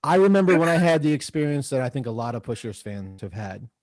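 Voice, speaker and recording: Mellow-voiced man rambling on a livestream. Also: mid-range voice, sing-song, quick pace, no echo. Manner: rambling, loose, swearing. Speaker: comedian, roast honoree. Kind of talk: casual livestream chat.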